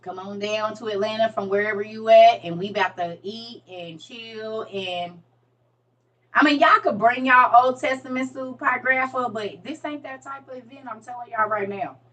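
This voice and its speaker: A woman's voice: a little high, moderate pace, distant mic, lo-fi sound. Chatty woman, a bit off-mic. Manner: chatty, playful, laughs often, trails off quietly. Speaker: vlogger. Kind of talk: casual chat to viewers.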